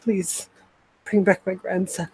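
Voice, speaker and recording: A man's voice: fairly high pitch, little pitch movement, moderate pace, lightly acted, low-quality recording. A man voicing a grieving old woman in a tabletop game, pleading through tears for her sick grandson. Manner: pleading, tearful and then vengeful.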